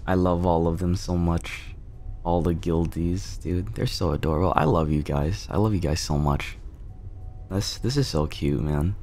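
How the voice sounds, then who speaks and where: Male streamer, low and unhurried delivery, casual and profane. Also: darkish tone, faint music behind. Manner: laid-back, swears often, gushing. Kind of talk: casual gaming stream chat.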